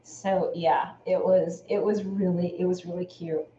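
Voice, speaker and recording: A woman on a home live stream, chatting loosely and thanking viewers by name between stories. Her voice sits a little low for a woman. The room is echoey, with a faint hiss underneath. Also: fairly even intonation, unhurried, dark tone, dull audio. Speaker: sewing channel host. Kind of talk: casual live-stream chat.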